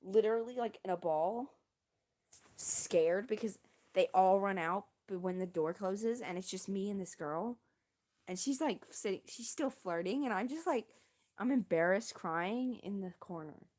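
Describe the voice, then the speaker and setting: A young woman chats on stream, telling a story in a loose, rambling way. She leans on slang and pokes fun at herself as she goes. Her voice sits at an everyday middle pitch. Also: a little slow, darkish tone. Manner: rambling, self-deprecating, slangy. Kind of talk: casual storytelling.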